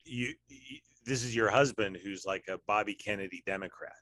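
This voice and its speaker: A man's voice: on the low side, normal speed, bright, forceful tone. A man hosting a casual podcast chat with his sister, talking in a wry, rambling way with sarcastic asides. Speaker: podcast host.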